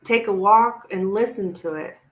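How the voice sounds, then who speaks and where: A woman's voice: medium pitch, moderate pace, low-quality recording. A woman tarot reader giving a chatty, reassuring live-stream reading to a viewer.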